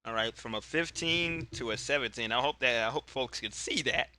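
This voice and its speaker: A man's voice: mid-range voice, normal speed, hardly any pauses, sharp tone, dry recording, studio quality. A man narrating a solo tabletop wrestling game in a rambling, cheerful way, often correcting himself.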